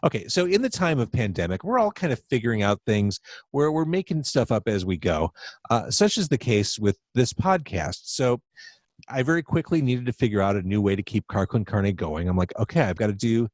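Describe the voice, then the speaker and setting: A man's voice: medium pitch, very animated, normal speed, no echo. A man hosting a podcast over a video call from home, chatty and self-deprecating, rambling with fillers as he talks. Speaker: podcast host. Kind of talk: casual interview chat.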